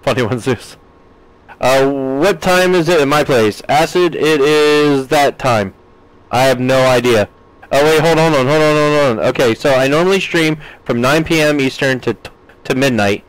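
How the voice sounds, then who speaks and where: A man's voice: medium pitch, moderate pace, no echo, rough recording. American man chatting on a live stream. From United States. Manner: chatty, reads chat aloud with playful jokes. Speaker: game streamer.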